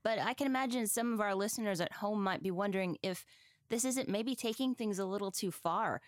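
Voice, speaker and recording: A woman's voice: mid-range voice, fairly quick, no room sound, studio quality. Woman asking questions on a podcast. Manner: friendly, lightly teasing questions. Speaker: podcast co-host. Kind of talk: conversational interviewing.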